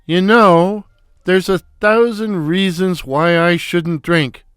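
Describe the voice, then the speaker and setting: A man voicing a brash, wisecracking middle-aged comedian with a loud foghorn voice, firing off punchy gags in a comic story reading. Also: high-pitched, fairly even intonation, slow pace, smooth, dry recording, clean studio sound, soft background music.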